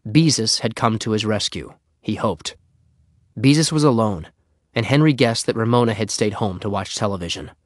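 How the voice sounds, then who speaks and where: A man reading a children's storybook aloud with expressive narration. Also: fairly low pitch, moderate pace, dry recording, clean studio sound. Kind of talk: audiobook reading.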